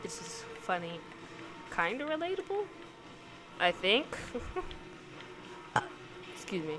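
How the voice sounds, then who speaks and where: Over background music, a woman vlogger with a mid-range, very animated voice reads out questions and answers them conversationally. She takes it slowly, rambling and hesitant, filling her speech with ums and likes.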